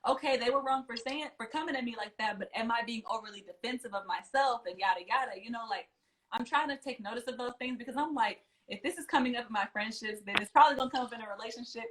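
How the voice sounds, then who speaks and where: A woman's voice: fairly high pitch, fast talker, a bit bright, poor audio. A young woman hosting a casual interview, chatty and reflective, often saying "you know" and "like". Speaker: podcast host.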